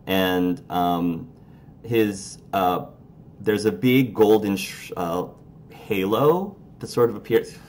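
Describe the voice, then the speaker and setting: A man narrating as game master of a tabletop role-playing game, relaxed and halting, with many fillers. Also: lowish voice, slight background noise.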